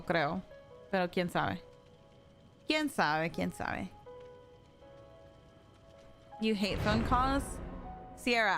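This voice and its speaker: A woman's voice: medium pitch, a bit bright. A young adult woman streaming a game, chatting casually and laughing easily, slipping between English and Spanish as she answers her chat. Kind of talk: casual live-stream chat while gaming. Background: background music.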